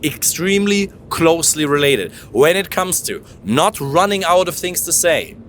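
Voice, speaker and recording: A fairly high-voiced man holds forth on dating with wide, bouncing swings of pitch. He talks emphatically and casually, now and then slipping into silly voices. He sits in the back of a taxi, with a faint rumble of the road behind him. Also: a bit bright. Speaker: dating coach.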